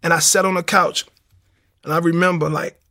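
Gravelly man telling his story. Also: on the high side, level tone, moderate pace, bright, forceful tone. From Baltimore, USA. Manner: storytelling with acted-out dialogue. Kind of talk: personal testimony.

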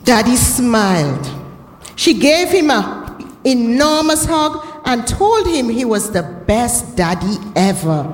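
A woman reads a children's story aloud, slow and gentle, her high voice swooping with expression. Her words echo around a roomy space with a long reverb. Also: sing-song, slight background noise. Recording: echoey, reverberant room.

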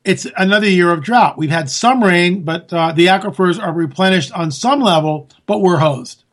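A man delivering a solo political commentary in a high voice. He rants with a sarcastic edge and his voice climbs toward near-shouts. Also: moderate pace. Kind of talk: monologue commentary.

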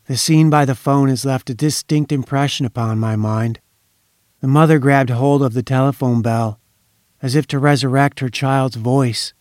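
A man reading a story aloud in a measured, solemn narration. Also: medium pitch, steady tone, a little mellow, dry recording, studio quality.

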